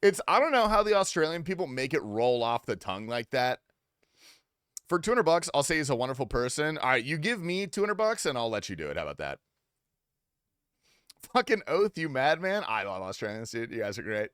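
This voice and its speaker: A young man on a gaming livestream, joking with chat in a loose, swear-laced way. His pitch jumps around expressively. The sound is dry and close to the mic. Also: very animated, fast, fairly bright tone, clean tone, dry recording. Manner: loose, profane, teasing banter with chat. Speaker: streamer. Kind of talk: casual gaming livestream commentary.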